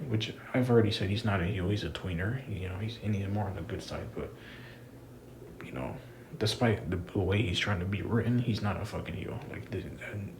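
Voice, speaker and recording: On the low side and slightly mellow, a young man's voice carries a casual, irritated rant about wrestling. He's a wrestling commentator vlogger who swears heavily and keeps saying "bro," and the clip has a little hiss or hum.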